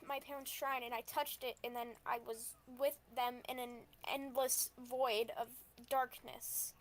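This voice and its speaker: A woman voicing an earnest, shaken young female vampire in a tabletop game, talking in halting, stammering restarts. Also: sits high, natural voice.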